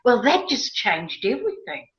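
A woman tells a personal story with bright, forceful energy, jumping up in pitch whenever she acts out her own excited words. The sound is roomy and a little dull. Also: moderate pace. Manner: animated, emotional, quotes herself with rising excitement. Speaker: guest. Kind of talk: storytelling in a casual interview.

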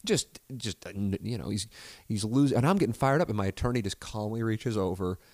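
Man, podcast host, low gravelly voice, casual storytelling, dry close sound. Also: fairly quick, no room sound. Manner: storytelling, gets loud and excited when fired up; frequent fillers and restarts, drops to a low mutter. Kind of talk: casual solo podcast talk. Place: home studio.

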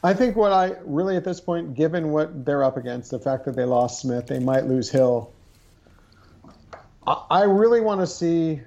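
A man's voice: on the high side, expressive, moderate pace, gravelly, darkish tone. A man co-hosting a casual sports podcast, talking hesitantly with frequent restarts and careful phrasing. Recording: dull lo-fi recording.

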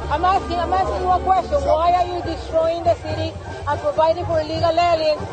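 A woman's voice: very high-pitched, level tone, fast. An older woman with a Honduran accent, heckling at an outdoor event and insistently repeating her questions. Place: outdoor city park event. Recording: outdoor crowd with music behind.

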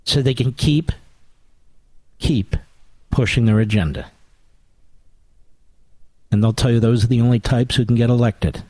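A man's voice: mid-range voice, a little slow, long pauses, mellow, dry recording. A man hosting a political talk radio show, delivering a combative, sarcastic monologue.

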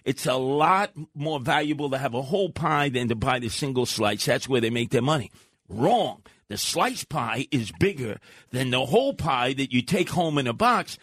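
Older NY talk host, mid-pitched and dry-miked, who tells loud, belligerent anecdotes. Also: male voice, expressive, moderate pace, slightly rough, no echo. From Brooklyn, New York. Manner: loud, blustery, acts out his own shouting. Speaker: radio co-host. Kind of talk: animated storytelling.

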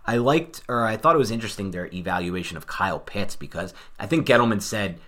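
A man co-hosting a podcast, talking through the draft in a fast, animated, casual way. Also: lowish voice. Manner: fast, animated, thinks aloud. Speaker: podcast co-host. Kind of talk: casual sports chat.

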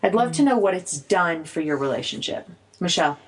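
A woman hosting a casual group conversation, upbeat and quick to laugh. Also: fairly low pitch, animated, a little hiss or hum, poor audio. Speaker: podcast host.

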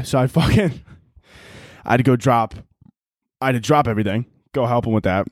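A young man hosting a casual solo podcast, telling stories in a profane, laughing, animated way. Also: mid-range voice, brisk, long pauses, dry recording, studio quality. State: out of breath. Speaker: podcast host.

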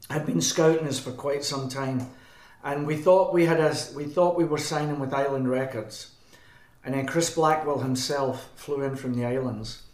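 A man with a Scottish accent, a band frontman as a guest, telling long rambling anecdotes and correcting himself as he goes. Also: medium pitch. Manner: rambling, self-correcting, chuckling. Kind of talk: anecdotal storytelling. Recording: roomy echo.

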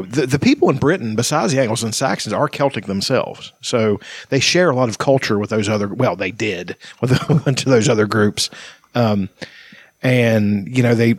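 Husky-voiced man rambling on a podcast. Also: mid-range voice, no room sound. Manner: rambling, swears freely. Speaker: podcast host. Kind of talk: casual podcast chat.

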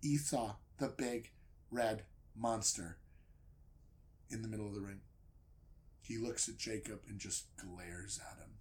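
A man retelling a story for comedy, swinging from loud outbursts to hushed asides. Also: fairly low pitch, steady tone, measured pace, long pauses.

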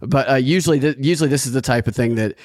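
A man's voice: medium pitch, very fast, darkish tone, no room sound, studio quality. A man hosting a casual podcast, wry and rambling as he reads out viewer comments. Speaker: podcast host.

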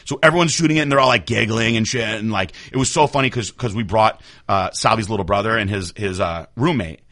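Dude rattling off stories fast on a podcast, bright voice, a bit low, cusses a lot. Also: male voice. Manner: animated storyteller, swears freely, acts out quotes. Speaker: podcast co-host. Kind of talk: casual chat.

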